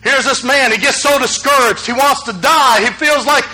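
A man preaching a sermon in a very high, forceful, bright voice. He tells stories with lively animation and sometimes acts out the quotes. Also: normal speed, soft background music, rough recording. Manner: animated storytelling with acted quotes, rising to near shouts.

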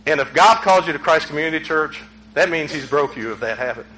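A male pastor, preaching a sermon in a conversational way that climbs to shouts. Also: a little high, animated, fairly quick, low-quality recording.

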